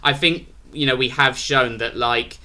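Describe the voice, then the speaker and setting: A man's voice: medium pitch, a little slow, pushed and bright. A British man rambling through a casual review of a wrestling show, restarting his sentences often. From Britain.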